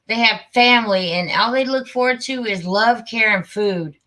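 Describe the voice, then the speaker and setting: A woman's voice: mid-range voice, normal speed, bright, forceful tone. A woman hosting a casual live stream, chatty and a bit flustered as she fiddles with her settings. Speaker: livestream host.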